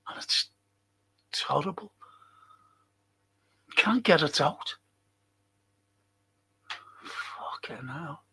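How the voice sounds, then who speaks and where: Slow, grumbling older English host. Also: male voice, a little high, animated, creaky, sharp tone, slightly rough. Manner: grumbling, swears a lot, moaning. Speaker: livestream host. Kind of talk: casual live chat reading viewer comments.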